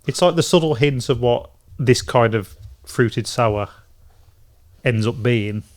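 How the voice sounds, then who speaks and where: A man from England co-hosting a casual beer podcast, talking in halting stops and restarts. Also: mid-range voice. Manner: rambling, halting with many restarts and fillers. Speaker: podcast co-host. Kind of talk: casual chat.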